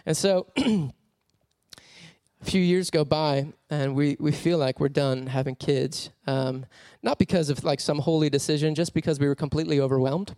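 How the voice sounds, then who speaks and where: Lively laughing male preacher, dry sound. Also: fairly high pitch, normal speed, no echo. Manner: animated, laughing often while telling a story. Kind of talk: storytelling sermon.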